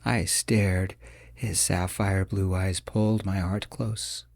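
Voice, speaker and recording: A man narrating a romance audiobook in the first person, with steady, measured storytelling. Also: sits low, gravelly.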